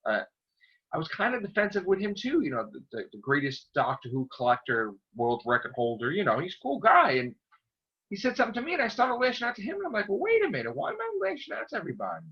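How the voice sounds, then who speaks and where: A man's animated profane rant, lo-fi. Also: sits high, quick pace. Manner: profane, excitable, rambling. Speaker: YouTube vlogger. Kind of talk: casual rant to camera. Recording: dull lo-fi recording.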